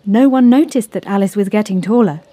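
A woman narrating a children's story in a calm, clear, measured way. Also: medium pitch, dry recording.

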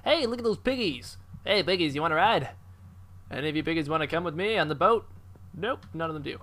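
A man giving casual, excitable commentary while playing a video game, chatty and quick to exclaim. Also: a little high. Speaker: gamer.

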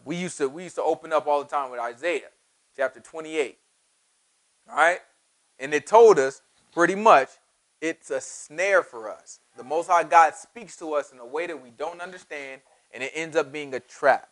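High-pitched fiery preacher man. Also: a bit bright. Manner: preachy, repetitive, street-casual slang. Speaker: Bible teacher. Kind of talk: fiery sermon.

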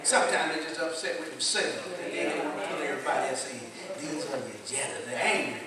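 Male preacher, fairly high voice, folksy sermon with call-and-response, heard from far back in a very echoey church with the congregation audible. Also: fast, a loud crowd.

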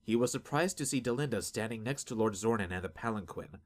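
A man giving steady, measured scripted narration of a fantasy audiobook. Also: fairly low pitch.

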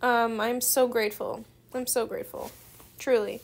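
A woman's voice: a little high, little pitch movement, normal speed, vocal fry. A young woman student making a gaming video, chatting with gushing, effusive gratitude and frequent giggles. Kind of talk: excited gameplay commentary.

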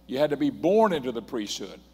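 A man's voice: medium pitch, big pitch swings, fairly quick, a little mellow, husky. Older male preacher, emphatic, repeats his points, church hall reverb. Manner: emphatic, reads scripture aloud and repeats points. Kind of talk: sermon. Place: church sanctuary.

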